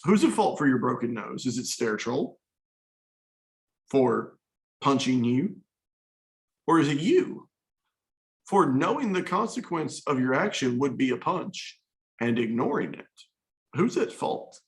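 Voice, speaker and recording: Gravelly-voiced male history teacher. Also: medium pitch, very animated, measured pace, pauses often, low-quality recording. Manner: casual, storytelling, conversational. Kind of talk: classroom lecture.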